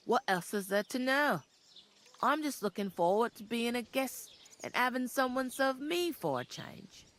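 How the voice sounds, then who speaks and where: A woman's voice: on the high side, expressive, unhurried, fairly bright tone. A woman voicing a chatty, earthy village tavern keeper in a game, talking in a folksy, gossipy way. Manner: gossipy, homely, folksy talk.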